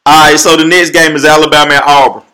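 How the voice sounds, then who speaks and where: Man, host of the picks, slightly high voice, teasing. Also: little pitch movement, fast talker, pushed and bright, clean tone, rough recording. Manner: teasing, questioning. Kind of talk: casual sports banter.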